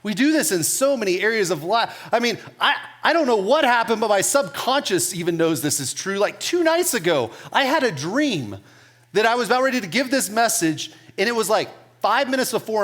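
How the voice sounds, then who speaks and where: A pastor in his thirties giving a sermon, telling self-mocking stories in a casual, animated way with laughs. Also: high-pitched.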